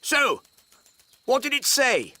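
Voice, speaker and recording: A woman's voice: high-pitched, sing-song, takes it slowly, pushed and bright, no echo, exaggerated voice. An actress voicing a stern, commanding fairy queen in a children's cartoon, scolding and giving orders.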